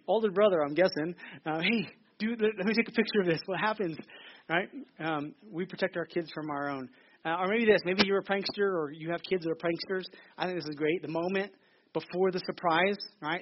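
A pastor in his thirties delivers a sermon in a theater, joking and chatting and often restarting his sentences. His voice sits high. The lo-fi recording is slightly dull, with a little hiss or hum.

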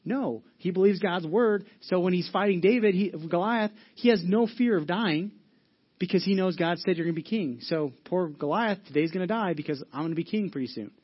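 A man's voice: high-pitched, fairly quick, husky, muffled recording. A male pastor giving a sermon in an earnest, conversational way, often restarting his sentences. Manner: earnest, conversational preaching with frequent restarts and fillers.

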